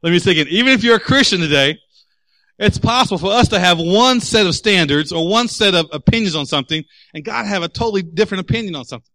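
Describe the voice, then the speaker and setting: A man's voice: high-pitched, expressive, fast talker, pushed and bright, dry recording. A man preaching a sermon as pastor, candid and emphatic, telling personal stories.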